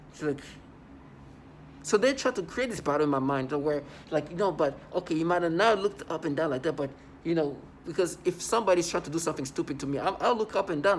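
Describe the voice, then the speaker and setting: Against slight background noise, a man whose voice is a little high speaks to camera. His informal monologue is worked up and meandering, circling back over the same points again and again.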